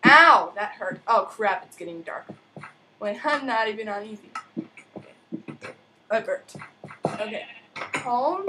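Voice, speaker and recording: A woman chatting excitably through casual gameplay commentary, sing-song and fond of mild cursing. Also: fairly high pitch, slow pace, long pauses, background noise. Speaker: gamer.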